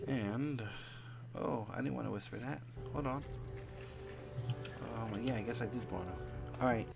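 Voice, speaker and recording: A man narrating a tabletop game as dungeon master, taking his time and circling around his words with plenty of fillers. His voice has a gravelly, creaky edge, and music plays clearly in the background. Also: medium pitch, unhurried. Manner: rambling, with many fillers.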